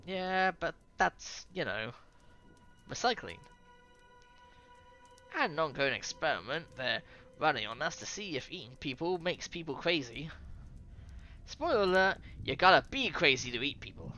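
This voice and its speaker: Wary young woman, casual and lively, read by a reader. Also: sits low, measured pace, pauses often, highs cut off, soft background music, heavily acted.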